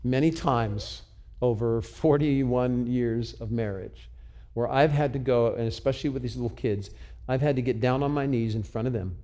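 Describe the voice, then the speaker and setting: Older guy preaching, earnest personal stories, stumbles and repeats words, middle pitch. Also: normal speed, dark tone. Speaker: pastor. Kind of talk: sermon storytelling.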